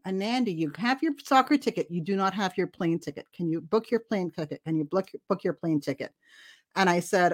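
Animated woman from Trinidad telling a story. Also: medium pitch. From Trinidad and Tobago. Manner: animated, acts out voices in her story. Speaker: guest storyteller. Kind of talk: casual storytelling.

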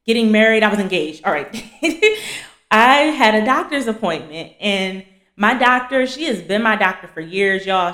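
A blunt young woman talks casually and chattily as she teaches scripture on her podcast. Her voice sits at a middle pitch and sounds a little roomy, recorded in an echoey space. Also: a bit bright. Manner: chatty and blunt, addresses listeners as y'all. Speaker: podcast host and fiancée coach. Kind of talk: casual faith teaching to women. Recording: echoey room.

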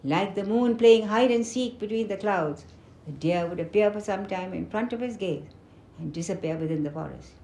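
Woman, storybook narration, expressive and dramatic, mid pitch, roomy echo. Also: normal speed, creaky, slight background noise. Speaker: book reader. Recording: roomy echoing room.

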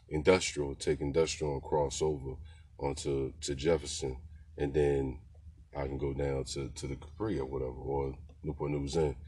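A man's voice: very deep voice, dark tone, husky, no room sound. A man telling stories in a loose, slangy, conversational way, often checking in with the listener. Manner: laid-back slangy talk, keeps asking "you know what I'm saying". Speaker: podcast host telling rideshare stories. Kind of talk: casual storytelling.

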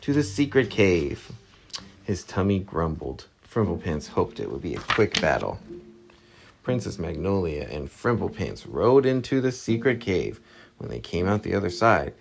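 A man reading a storybook aloud to his child, lively and expressive, with a gravelly voice. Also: deep voice. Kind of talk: bedtime story read-aloud.

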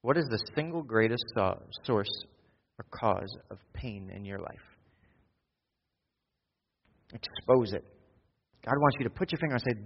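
A man with a husky voice preaches to his congregation, rising to quick, urgent bursts and then dropping into slow, hushed intimacy. The sound is dull and lo-fi, with a long reverb from a large church hall. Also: mid-range voice, animated. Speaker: pastor. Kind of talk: sermon.

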